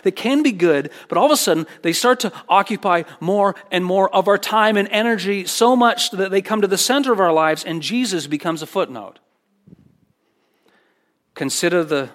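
Preaching a sermon, this male pastor sounds earnest and emphatic, using repeated phrases to hammer home each point. His voice is a bit bright and pitched a little higher than most men's.

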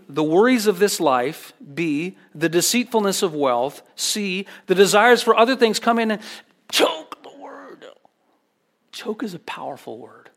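A male pastor delivering a sermon in an earnest, emphatic way. His voice sits a little higher than most men's, and he leans on repeated phrases to drive each point home.

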